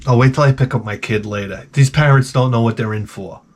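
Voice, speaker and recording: A man's voice: mid-range voice, a little fast, a little hiss or hum. A man ranting sarcastically while giving comedic advice, swearing a lot and sounding exasperated. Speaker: advice vlogger.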